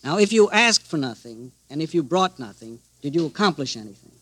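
A man moderating a broadcast interview, introducing guests and asking questions in a crisp, formal, precise way. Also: fairly high pitch, very animated, fairly quick, fairly bright tone.

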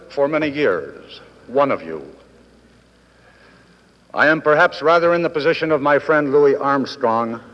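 A man in his fifties giving a formal convention speech with dry wit and measured, deliberate pauses. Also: mid-range voice. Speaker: guest speaker at a convention. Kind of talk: formal after-dinner speech. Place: large hotel ballroom. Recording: old 1960s broadcast recording, dull, with long hall reverb.

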